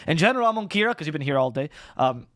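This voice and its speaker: A man rattles through casual stream chat at a rapid clip, tripping over and restarting his words and swearing freely. His voice sits a bit high for a man and sounds dry and close, with no room around it. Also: big pitch swings, a bit bright, no room sound. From Spain. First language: Spanish. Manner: fast, rambling, profane, restarts words. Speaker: esports caster and streamer.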